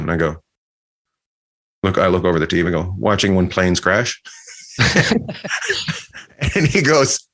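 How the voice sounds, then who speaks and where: A man from Canada, a comedian guest, telling animated anecdotes in a casual chat, laughing and restarting often. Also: deep voice, normal speed, long pauses.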